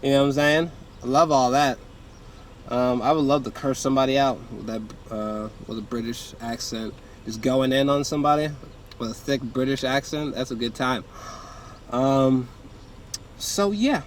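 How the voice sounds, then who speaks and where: A man's voice: mid-range voice, moderate pace, slight background noise. A man giving a casual, rambling film review from a hot room indoors, full of fillers and swearing. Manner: rambling, frequent fillers and profanity. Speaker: movie reviewer.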